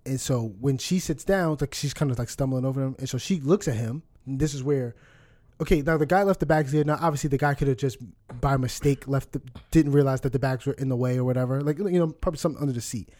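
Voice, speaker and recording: A man's voice: mid-range voice, fast talker. A young man casually telling a story, acting out what people said. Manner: animated storytelling with quoted dialogue. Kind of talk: casual chat.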